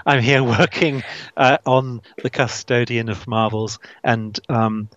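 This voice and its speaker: A man answers interview questions in a thoughtful, searching way, often restarting his sentences and laughing softly. His voice sits at a middling pitch. The recording sounds dull and lo-fi, with no room echo at all. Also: fairly even intonation, slow. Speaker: author guest. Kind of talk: casual interview.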